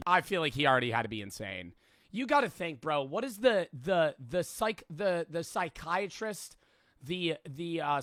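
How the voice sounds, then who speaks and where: Man, streamer, casual reaction chat, excitable, swears, very animated voice. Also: fairly high pitch, no echo, studio quality.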